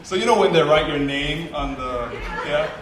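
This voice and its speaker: A man's voice: on the high side, normal speed, a crowd in the background. A young man from Jamaica with a Jamaican accent, telling stand-up stories and acting out the voices. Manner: animated storytelling, acts out voices, swings loud and soft. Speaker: stand-up comedian. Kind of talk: stand-up comedy set. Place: comedy club stage. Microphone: handheld stage mic. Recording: echoey club from far off.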